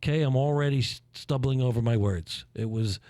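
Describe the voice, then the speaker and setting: A man's voice: mid-range voice, a little mellow, no room sound. A man hosting a playful talk show, cracking jokes and theatrical asides. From Philadelphia. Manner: joking, theatrical, quick asides. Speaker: host. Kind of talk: playful morning show banter.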